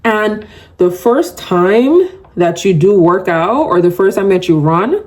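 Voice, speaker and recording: This time the host speaks slowly yet animatedly, her voice mid-range and darkish in tone. It's a casual solo podcast episode full of friendly chatter to listeners, frequent laughter and her self-professed love of yapping.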